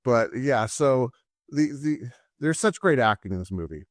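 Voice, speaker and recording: A man's voice: mid-range voice, animated, moderate pace, no room sound, studio quality. A man at home co-hosting a casual movie-review show, easygoing and repeating words as he thinks aloud. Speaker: podcast co-host.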